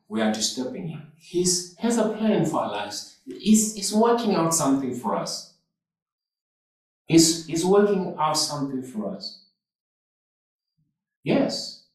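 Male pastor; slow, repetitive preaching, heard from afar in a reverberant church hall. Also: on the high side, darkish tone. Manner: slow, repetitive preaching with call-outs to the congregation. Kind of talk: sermon. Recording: echoey hall, mic far off.

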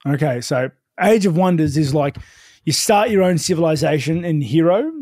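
A man's voice: on the high side, lively intonation, normal speed, darkish tone, no echo, clean studio sound. A young man, co-hosting a podcast in casual, enthusiastic chat. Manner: chatty, enthusiastic, many "like" fillers. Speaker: podcast co-host.

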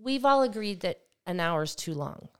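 A middle-aged woman co-hosts a casual podcast, blunt and a little bossy, laughing often. Her pitch swings widely as she talks. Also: animated, moderate pace, clear, resonant tone. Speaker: podcast co-host. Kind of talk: casual chat.

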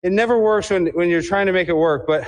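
A shrill, very high, breathless zealot who shouts rhyming chants in a frantic rush, as a man plays him for satire. The voice stays keyed up and loud, with a comic, over-the-top edge. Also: quick pace, close to an everyday voice. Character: frantic man rant-singing a vaccine chant. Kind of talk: satirical comedic performance.

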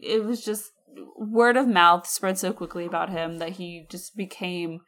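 A woman's voice: fairly low pitch, steady tone, measured pace, fairly bright tone. A woman co-hosting a podcast, telling a history story in a casual, slangy way with chatty asides. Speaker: podcast co-host.

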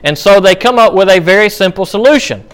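A man's voice: high voice, lively intonation, a little fast. A man teaching a Bible study class in a conversational way, with many fillers and restarts. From United States.

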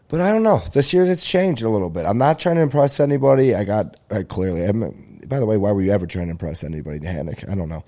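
A man's voice: on the low side, lively intonation, fast, hardly any pauses, mellow. A young man hosting his own podcast, rambling in casual solo chat, easily distracted and swearing freely. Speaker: podcast host.

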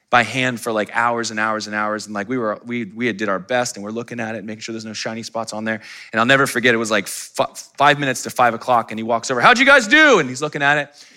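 A man in his forties preaching a sermon, telling personal stories in a conversational, animated way. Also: mid-range voice. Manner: conversational, animated storytelling with quoted voices. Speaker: pastor.

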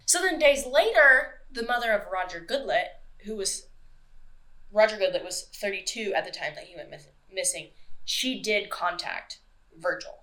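A woman's voice: medium pitch, expressive, moderate pace, sharp tone. A young woman hosting a casual true-crime podcast, telling the story loosely with swearing and acted-out quotes. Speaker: podcast host.

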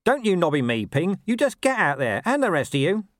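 A man's voice: high voice, very animated, fairly quick, fairly bright tone, dry recording, clean studio sound, voice pushed up. A man voicing a bossy, grumbling male city watchman who talks in a brash, raised, pushy way.

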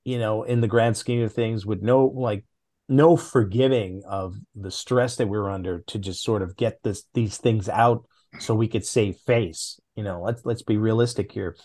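Animated middle-aged man spinning anecdotes. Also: moderate pace. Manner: animated anecdotes, with big jumps in pitch. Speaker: guest, former comics editor. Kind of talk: casual podcast storytelling.

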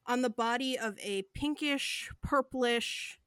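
A woman's voice: a little high, slow pace, fairly bright tone, clear, resonant tone, dry recording. A woman running a tabletop game as game master, narrating in a vivid, descriptive way with some fillers.

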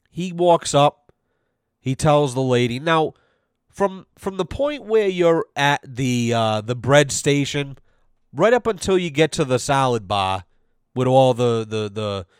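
On a podcast, a male host rambles through a long, profane story, acting out the voices of the people in it. His voice is medium-pitched and smooth, recorded cleanly in a studio with no echo.

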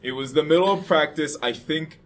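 A man's voice: a little high, brisk. A young man co-hosting a casual podcast chat, swearing freely and telling self-mocking stories. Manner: animated, swears a lot, self-mocking storyteller. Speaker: podcast co-host.

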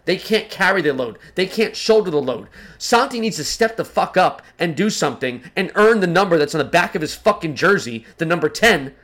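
High-voiced, fired-up man on a podcast. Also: animated, brisk, hardly any pauses, a bit bright. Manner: fired-up, profane criticism. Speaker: podcast co-host. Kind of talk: casual sports podcast chat.

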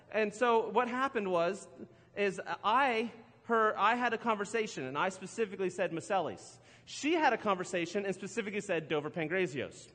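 A man's voice: high voice, normal speed, fairly bright tone. A middle-aged man preaching a sermon, telling a casual story about his week with lots of laughs and restarts. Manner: chatty, self-deprecating, laughs often, restarts a lot. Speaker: pastor. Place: church auditorium. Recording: church hall with long reverb.

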